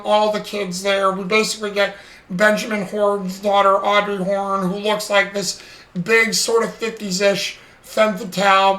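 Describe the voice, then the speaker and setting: A man's voice: high voice, bright, forceful tone, reverberant, rough recording. A man co-hosting a casual chat podcast, recapping a TV episode in a rambling way with lots of fillers. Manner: rambling, acts out quoted lines, frequent fillers.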